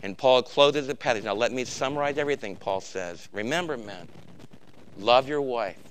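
A middle-aged male pastor delivering a sermon, swinging from loud emphatic bursts to quiet, intense stretches. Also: mid-range voice, moderate pace.

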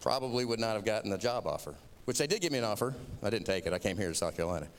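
A man with a Southern accent tells a sermon as a chatty, self-mocking story. His voice is smooth and resonant, and it carries a long reverb as if he is speaking in a large hall. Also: on the low side, animated, very fast. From Florida. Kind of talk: sermon told as a personal story.

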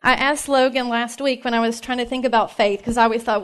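A woman's voice: on the high side, steady tone, quick pace, fairly bright tone, smooth. A woman in her thirties from East Tennessee with a Southern accent, giving a chatty, heartfelt personal faith talk to a group of mothers, with lots of fillers and laughter. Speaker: speaker at a moms' ministry meeting.

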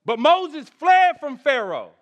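A man pastor preaching a sermon at a church service, animated, with shouted peaks, soft asides and humorous chat with the congregation. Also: very high-pitched, slow pace, lo-fi sound.

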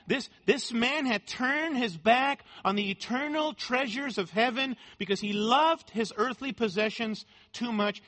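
Male pastor giving a sermon, high and bright, emphatic, repeats words for emphasis. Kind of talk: expository sermon.

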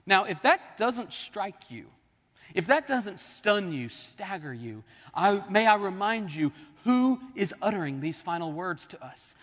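A man preaching a sermon as pastor, swinging from soaring declarations to hushed, drawn-out words. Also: high voice, sing-song, in a large hall. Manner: dramatic preaching, swelling and dropping to near-whispers.

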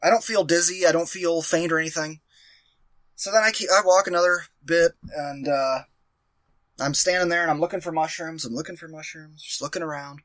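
A man with a bright, slightly high voice tells a rambling story, casual and profane, laughing at himself. The sound is dry and close, with no room around it. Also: steady tone, brisk, no room sound. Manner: rambling, profane, self-mocking.

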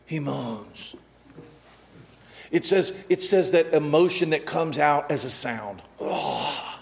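Animated, high-voiced male preacher. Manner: animated preaching, acting out quotes, swings from loud to hushed. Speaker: pastor. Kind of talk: sermon.

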